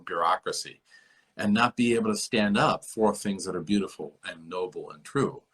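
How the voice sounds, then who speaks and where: Deep husky man musing at length. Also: a bit bright. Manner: musing, lecturing, repeats himself. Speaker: podcast host. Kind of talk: rambling literary discussion.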